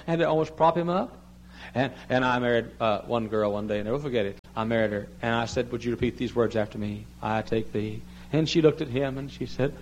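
Older man as a pulpit preacher, a dramatic sermon that swings from hushed appeals to loud cries, at times away from the mic. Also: medium pitch, fast. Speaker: pastor. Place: large church sanctuary.

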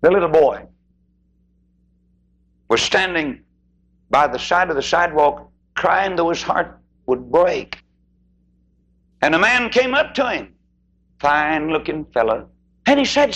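An older man preaching a sermon, swinging between loud high peaks and hushed low passages. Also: sing-song, unhurried, pauses often. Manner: preaching with sudden swoops in pitch and loudness, shouting at peaks.

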